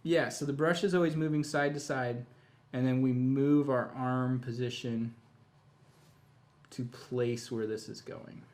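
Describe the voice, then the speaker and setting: A man teaching a live painting tutorial, explaining each step in a relaxed, chatty way. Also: mid-range voice, measured pace. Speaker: painting instructor.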